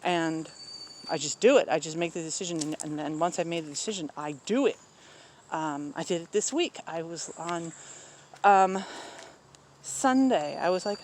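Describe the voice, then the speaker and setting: A man's voice: high voice, animated, moderate pace, pauses often. A man talks candidly about his own life in a loose, rambling way, filling gaps with ums and cutting in with blunt asides. He sits outdoors in a rural spot, where faint crickets and outdoor noise sound behind him. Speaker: vlogger talking about personal life. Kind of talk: casual personal talk.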